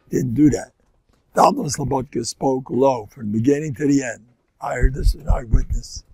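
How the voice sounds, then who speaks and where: An older man, hoarse, telling stories in an informal Torah class, rambling and swinging from loud bursts to near-whispers. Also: mid-range voice, dry recording. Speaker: rabbi giving a Torah class.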